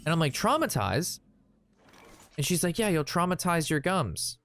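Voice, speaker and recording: A man chatting casually while playing a card game, retelling an anecdote in an animated, rambling way. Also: a little high, fairly quick, smooth, faint music behind. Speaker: gaming streamer. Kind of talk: casual gameplay commentary with storytelling.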